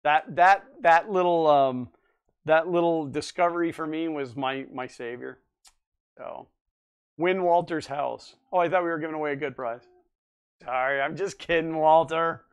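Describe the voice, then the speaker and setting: Forty-something guy rambling on a live stream, kinda high voice, smooth and clear. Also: normal speed, dull audio. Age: 40s. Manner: rambling, chatty, reads and answers chat. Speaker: livestream host. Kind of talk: casual live-stream chat.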